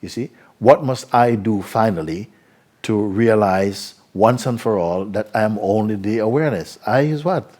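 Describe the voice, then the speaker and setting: A man giving spiritual teaching to a live audience, unhurried and probing with repeated questions. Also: fairly low pitch, darkish tone.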